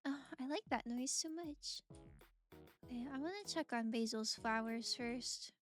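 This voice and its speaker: A woman streamer chats casually over a game, laughing often and reading its text aloud. Her voice is high and her pace unhurried, with faint game music playing behind.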